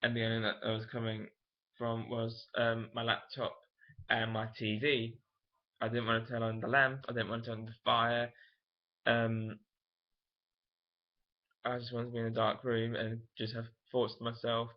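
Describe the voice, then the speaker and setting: A man's voice: mid-range voice, completely flat delivery, moderate pace, long pauses. A young man, telling a personal story to camera in a frank, emotional, rambling way. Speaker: vlogger. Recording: dull lo-fi camera audio.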